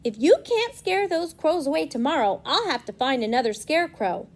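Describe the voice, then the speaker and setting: A woman voicing a cross male farmer in a storybook read-aloud, loud, stern and scolding. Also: high voice, sing-song, moderate pace, voice pushed up.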